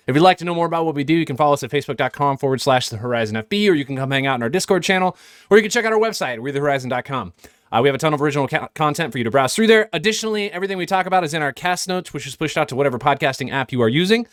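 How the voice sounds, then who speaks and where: A man hosting a casual group podcast, playful and quick to laugh, running through the show intro. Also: fairly high pitch, lively intonation, a bit bright, dry recording, clean studio sound. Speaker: podcast host.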